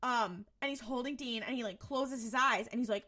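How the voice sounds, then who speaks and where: Bright, lively young woman retelling a show. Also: fairly high pitch. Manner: animated, retells scenes with quick voiced quotes. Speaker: podcast co-host. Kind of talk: casual chat recapping an episode.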